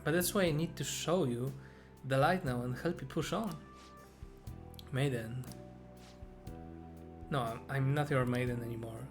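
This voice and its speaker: A man's voice: mid-range voice, measured pace, long pauses, close to an everyday voice. Brief: remorseful young female fortune teller from a game, sincere and pleading, read by a man in his own voice, music behind. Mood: earnest. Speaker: gamer reading game dialogue aloud. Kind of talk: reading game dialogue aloud.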